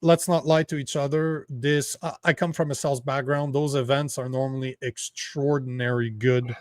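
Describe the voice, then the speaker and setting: A man's voice: mid-range voice, moderate pace, dry recording. Rambling French-native man, dry close mic. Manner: rambling, animated, swears freely. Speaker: livestream co-host. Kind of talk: casual political chat.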